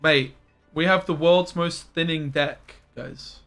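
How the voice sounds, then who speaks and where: A young man streams a card game, his voice sitting a little high for a man. He chats fast and informally to viewers and bursts into loud, startled yelps. Faint game music plays underneath. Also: fairly even intonation. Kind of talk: live-stream commentary.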